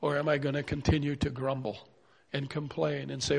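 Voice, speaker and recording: Guy preaching a sermon, earnest and pleading, raspy gravelly edge, big reverby hall sound. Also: medium pitch, flat delivery, moderate pace. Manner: earnest, pleading, rhetorical questions.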